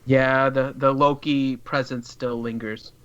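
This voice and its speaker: A man's voice: mid-range voice, level tone, unhurried, fairly bright tone, clear, resonant tone. A man co-hosting a casual game live stream, easygoing as he moves the show along. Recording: dull lo-fi with faint hiss.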